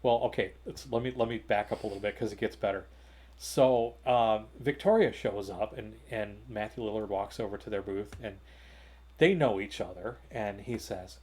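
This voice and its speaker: A man's voice: mid-range voice, fairly quick. Rambling man telling a story at home. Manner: rambling, animated, with many fillers and restarts. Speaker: co-host of a gaming talk show. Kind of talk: casual anecdote telling. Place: home hobby room.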